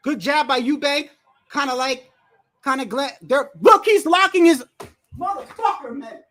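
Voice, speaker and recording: A man hosting a livestream, reacting to a boxing match with animated, profane, exasperated commentary. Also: very high voice, moderate pace. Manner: animated, profane, exasperated, often says bro. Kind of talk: excited live reaction commentary.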